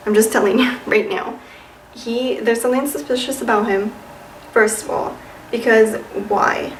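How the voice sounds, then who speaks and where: Young female vlogger, sassy and chatty, bright voice, recorded a bit far off in a roomy space. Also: on the high side, a little hiss or hum. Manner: chatty, lots of "like" and "you know", sassy asides. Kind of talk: casual advice chat. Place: room with a white wall. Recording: echoey room, voice a bit off-mic.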